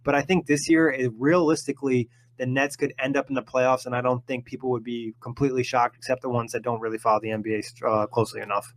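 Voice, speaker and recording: A man hosting a casual sports podcast, easygoing and quick to laugh. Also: medium pitch, steady tone. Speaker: podcast host.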